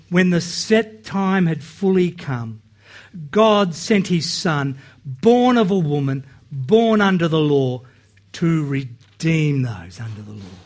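Earnest high-voiced male preacher. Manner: earnest, repeats words when starting phrases; acts out Bible quotes with rising and dropping voice. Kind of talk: sermon.

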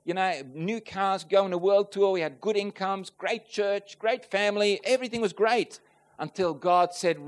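Male preacher, high voice, heartfelt sermon testimony, talks straight to the congregation. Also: moderate pace. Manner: earnest and emotional, swelling loud on key points; addresses the congregation directly with questions. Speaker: preacher giving a personal testimony.

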